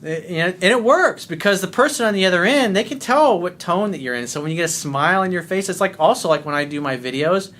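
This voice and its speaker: Loud, blunt, bright-voiced man coaching. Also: high-pitched, animated, fast, few pauses. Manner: blunt and profane; smiling while talking. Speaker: life coach. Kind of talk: casual monologue video.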